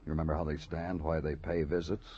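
A man's voice: a bass voice, level tone, fast talker, dark tone, slight background noise. An actor playing a hard-boiled male police detective in a 1950s radio drama, asking clipped, pressing questions. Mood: probing. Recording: dull old radio broadcast.

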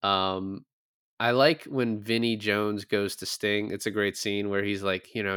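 A man's voice: on the low side, steady tone, a little slow, a bit bright, clean tone, no echo, clean studio sound. A man co-hosting a podcast, casually retelling film scenes with quoted lines and frequent laughs. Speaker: podcast co-host. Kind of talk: casual movie review chat.

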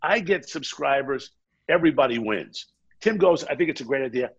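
A man telling a long anecdote in a casual chat, animated and often quoting the people in his story. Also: medium pitch, fairly quick, gravelly, husky, highs cut off. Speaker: guest.

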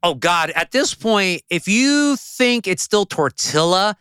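A man guesting on a podcast as a food journalist, talking in an animated, profane, teasing way. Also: high voice, takes it slowly, smooth, dry recording, studio quality. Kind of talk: casual chat.

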